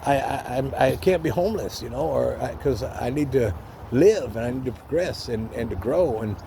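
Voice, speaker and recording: An older man tells his story in a loose, rambling way, swearing freely and voicing the people he quotes. His voice is gravelly and mellow. Faint street noise comes through around him outdoors. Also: medium pitch, expressive, moderate pace. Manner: rambling, candid, restarts often, swears, acts out quotes. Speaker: vlogger telling a life story. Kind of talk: casual storytelling.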